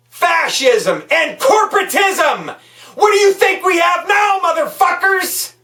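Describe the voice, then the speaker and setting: A woman delivering an angry political rant, swearing constantly and shouting as she talks. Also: fairly high pitch, distant mic. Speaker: political vlogger. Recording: echoey room, voice a bit off-mic.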